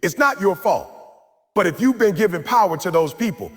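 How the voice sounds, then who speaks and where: Speaking at a moderate pace with a slightly rough edge, this motivational speaker's fairly high, animated voice fills a big hall during a live talk. He exhorts forcefully and repetitively, leading the audience in call-and-response chants, while long reverb and faint music sit behind him.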